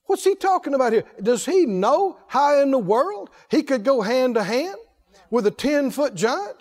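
A man preaching a sermon, asking the congregation question after question in a folksy, animated way. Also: extremely high pitch, normal speed. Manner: folksy, laughs between points. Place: church. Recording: echoey hall reverb.

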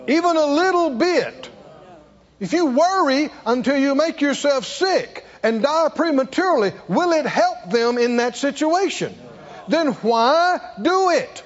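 Emphatic preacher in an echoey hall. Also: male voice, very high voice, lively intonation, measured pace, dull audio. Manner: emphatic, rhetorical questions, swings between soft and loud. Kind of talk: sermon.

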